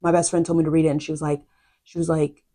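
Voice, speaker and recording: A young woman chatting casually to camera as a book vlogger, drifting into quiet asides. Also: low-pitched, level tone, fast talker.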